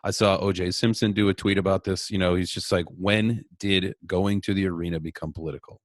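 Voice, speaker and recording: A man's voice: low voice, fairly even intonation, brisk, no room sound, studio quality. A man co-hosting a podcast, talking in a laid-back, agreeable way and turning blunt when he vents. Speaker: podcast co-host. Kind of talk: casual chat.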